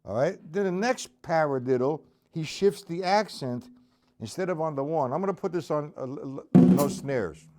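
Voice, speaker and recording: A man's voice: on the high side, animated, normal speed, over loud music. Chatty man teaching drums on a live stream. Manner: casual, chatty, reads viewer comments aloud. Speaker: drum teacher. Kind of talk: live-streamed drum lesson. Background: drums played between talk.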